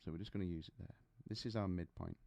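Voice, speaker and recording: A male vocal coach talks through technique in a relaxed, chatty way, breaking into little demonstrations and stories. His voice sits low and mellow. The sound is dry and close. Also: fast, vocal fry, no echo. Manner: chatty, explains with demonstrations and anecdotes. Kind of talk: singing lesson to camera.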